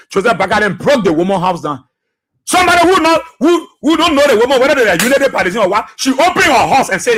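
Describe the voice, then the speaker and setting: Husky impassioned Liberian man on radio. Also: high voice, a bit bright. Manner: repetitive, impassioned, laughing jabs at opponents. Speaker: radio station boss and talk show host. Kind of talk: heated political talk radio.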